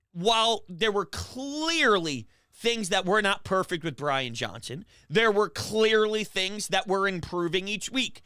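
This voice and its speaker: A male sports show host with a high, bright voice who rants quickly and with animation. His voice comes through smooth and crisp in a dry, close recording. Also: no echo. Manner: fast, animated ranting with quick restarts. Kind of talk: opinionated sports talk show.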